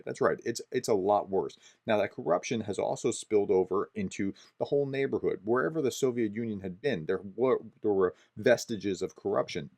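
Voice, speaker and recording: A man with a fairly low voice talks through the day's news as a professor would, loose and conversational, often pausing on "uh" and restarting phrases. The sound is dry and close, with no room around it. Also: creaky, a little mellow, dry recording. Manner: conversational, explanatory, frequent "uh" fillers and restarts. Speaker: professor explaining war news. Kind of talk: daily news commentary video.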